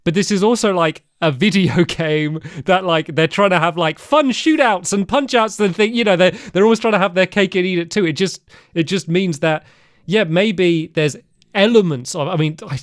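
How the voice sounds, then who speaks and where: Higher-voiced man chatting loosely. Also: moderate pace, no echo, clean studio sound. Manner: rambling, heavy filler words. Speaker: podcast co-host. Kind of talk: casual chat.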